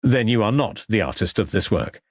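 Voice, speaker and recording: A polite, persistent Victorian police inspector who asks formal, probing questions, read by a male narrator. The voice is low and a little husky, with a lively rise and fall. The sound is dry and close. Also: a little fast, no room sound.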